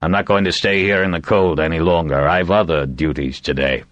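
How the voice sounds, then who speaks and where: A man voicing a gruff, commanding middle-aged male lord holder in an audiobook, with a blustering, indignant manner. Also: low voice, steady tone, fairly quick, fairly bright tone, dry recording. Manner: barks orders, blustering and indignant.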